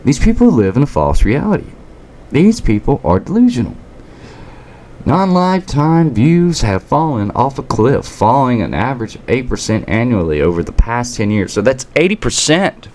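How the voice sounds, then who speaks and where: A man's voice: mid-range voice, sing-song, moderate pace, a little mellow, slight background noise. A man from the United States hosting a political commentary rant, combative and sarcastic, now and then stumbling over words and restarting. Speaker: commentary channel host.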